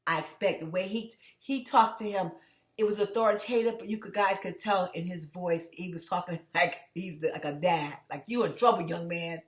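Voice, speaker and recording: A woman's voice: lowish voice, moderate pace. A woman host from the United States talks straight to her viewers in an earnest, emotional way, often stopping and restarting her sentences. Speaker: channel host. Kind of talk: direct-to-camera commentary vlog. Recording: echoey room.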